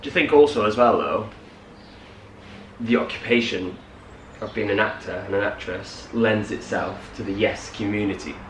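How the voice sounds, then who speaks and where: Lowish-voiced and speaking at normal speed, this young man co-hosts a relaxed morning chat, wandering off topic and acting out little quotes with animation. The sound is roomy, the mic distant, with a faint hiss.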